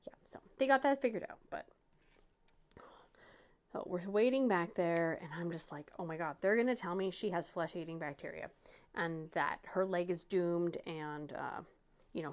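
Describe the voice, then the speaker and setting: A woman, a parent and host of a crafting channel, chatting casually as she tells a family story while she works, acting out the quotes of the people in it. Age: adult parent. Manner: animated retelling, acting out quotes with pitch jumps.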